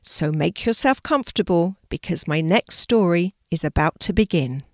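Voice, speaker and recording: An older woman, a grandmother, reading a children's story aloud in a calm, clear way. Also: on the low side, moderate pace.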